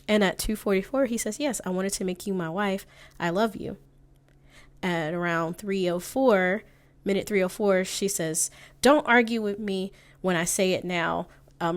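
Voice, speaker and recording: A woman therapist talks through recorded clips in a conversational commentary. Her voice sits a little on the low side, and she quotes lines and calls out timestamps as she goes. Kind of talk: commentary analyzing audio clips.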